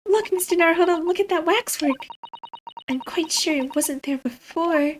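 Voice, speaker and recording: A woman voicing a polite, gentle young female assistant who speaks earnestly. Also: extremely high pitch, normal speed, faint music behind, pitched above the performer's own voice.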